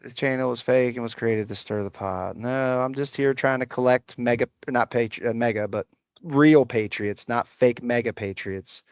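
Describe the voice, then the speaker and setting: A man's voice: mid-range voice, normal speed, clean tone, no echo. A man hosting a live stream, chatting casually and mocking commenters in a profane, rambling way. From United States. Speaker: livestream host. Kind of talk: casual livestream chat reacting to comments. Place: rural home.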